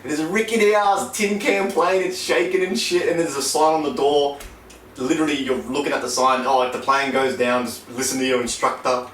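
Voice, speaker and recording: A man's voice: mid-range voice, fairly quick. Sweary young man in echoey room. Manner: sweary, animated storyteller. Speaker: podcast host. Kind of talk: casual chat. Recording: echoey room, mic at a distance, faint noise.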